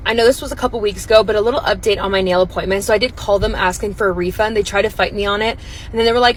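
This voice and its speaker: A woman's voice: mid-range voice, very fast, a little hiss or hum. Young woman rambling through a storytime. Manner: rambling, filler-heavy, emotional retelling. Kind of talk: casual storytime vlog.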